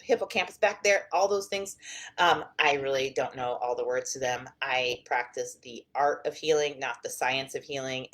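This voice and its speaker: A middle-aged woman with a low voice talks casually to camera as a therapist and coach. She rambles a little, restarting sentences and dropping in fillers as she goes.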